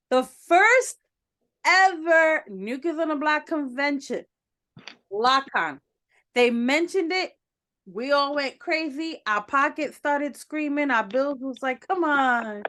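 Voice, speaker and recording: Emphatic woman podcast host, higher voice. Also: pushed and bright. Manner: emphatic, talks straight to the listener. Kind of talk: casual interview chat.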